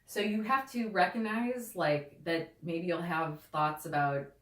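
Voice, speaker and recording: A woman's voice: on the low side, steady tone, a little slow. A woman guest who talks about holistic healing in a loose, casual way, filling her speech with "like" and "you know.". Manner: rambling, heavy with "like" and "you know". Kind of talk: casual conversational interview talk. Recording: echoey room.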